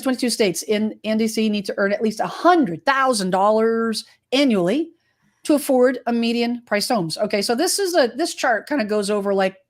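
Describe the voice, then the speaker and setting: A woman from Massachusetts in her forties, hosting a casual real estate chat with emphatic repeated phrases. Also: mid-range voice. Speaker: real estate podcast host.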